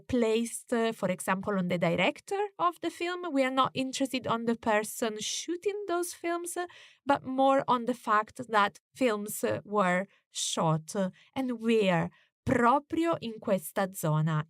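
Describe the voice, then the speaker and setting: Slow, careful woman teaching a language. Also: on the high side, no room sound, studio quality. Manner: slow, careful explanations with frequent "uh" fillers. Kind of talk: explaining a language lesson.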